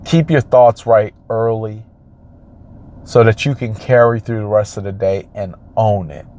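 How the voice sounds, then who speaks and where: A man's voice: on the low side, unhurried, mellow, a little hiss or hum. A man, a realtor, giving an emphatic motivational talk and repeating his phrases for effect. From United States.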